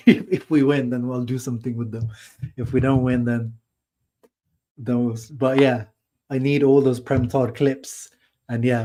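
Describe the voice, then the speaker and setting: A man's voice: mid-range voice, darkish tone. Guy doing a chill post-match footy stream, chatty, laughs a lot. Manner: casual, chatty, laughs often. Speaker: football channel host.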